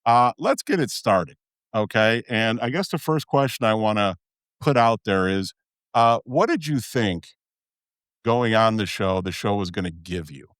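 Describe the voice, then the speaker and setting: A man with a Chicago accent hosts a podcast in a frank, chatty way. His voice sits on the low side and sounds smooth and clean. The sound is dry and close, with no room echo. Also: expressive, measured pace, fairly bright tone. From Midwestern US. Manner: candid, chatty, with filler "uh"s. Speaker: podcast host. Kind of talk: casual podcast talk.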